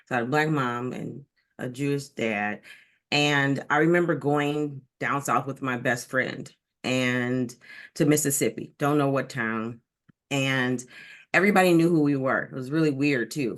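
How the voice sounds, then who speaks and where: A woman from Detroit, a diversity coach, talking candidly in an interview, animated and frank with plenty of ums and likes. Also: extremely low pitch, unhurried. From Detroit, Michigan, United States. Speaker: diversity and inclusion coach, guest. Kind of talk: candid personal storytelling in an interview.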